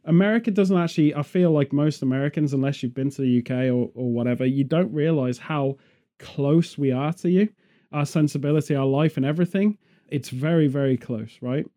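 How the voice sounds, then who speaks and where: A man's voice: a little high, brisk, warm tone. A man chatting casually outdoors in a field, rambling off on jokey tangents. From England. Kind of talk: casual chat.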